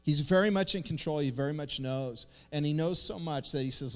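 A man's voice: fairly high pitch, brisk, hardly any pauses. A middle-aged man preaching a casual, conversational sermon as a pastor, acting out little quoted lines as he talks. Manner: animated, conversational, acts out quotes. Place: church sanctuary. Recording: long reverb of a church hall.

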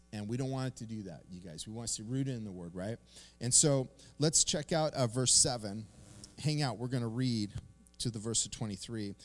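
A middle-aged man preaching a sermon as pastor, telling stories in a casual, animated way with slang. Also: mid-range voice.

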